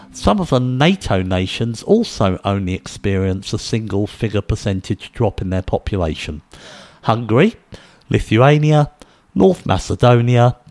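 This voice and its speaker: A man methodically reading out a list of figures and then giving his own speculative commentary, in a steady, measured way. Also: fairly low pitch, no echo. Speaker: video commentator.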